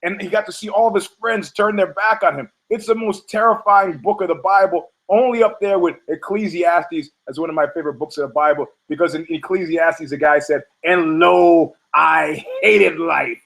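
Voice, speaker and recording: A man's voice: sits high, steady tone, fairly quick, hardly any pauses, fairly bright tone, low-quality recording. A man hosting a podcast, delivering a rambling, profane comedic monologue and acting out quoted characters in funny voices. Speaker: podcast host.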